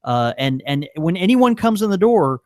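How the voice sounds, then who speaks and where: A man's voice: sits high, sing-song, moderate pace, a little mellow, no echo, studio quality. A man, co-hosting a casual podcast from a small pipe shop, laughing often and tripping over his words. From American South. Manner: laughs often, stumbles and restarts. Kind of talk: casual chat.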